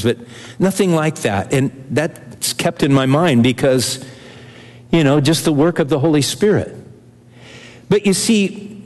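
Older guy preaching, kinda high voice, chatty and earnest, repeats himself a lot, big echoey church. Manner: earnest, conversational, repeats phrases for emphasis. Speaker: pastor. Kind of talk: sermon. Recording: long reverb of a large hall.

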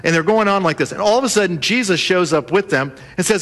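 A man preaching a sermon, telling the story in a lively way and acting out the voices of the people in it. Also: high voice, fast. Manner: animated storytelling, acts out voices of the disciples. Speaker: pastor.

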